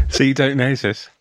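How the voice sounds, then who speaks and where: A man chatting loosely on a podcast, tripping over repeated words as he rants about a film. His voice sits at a middling pitch and sounds close and dry, with almost no room around it. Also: dry recording. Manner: stammering, repeats words, swears, laughs often. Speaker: podcast co-host. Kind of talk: casual film review chat.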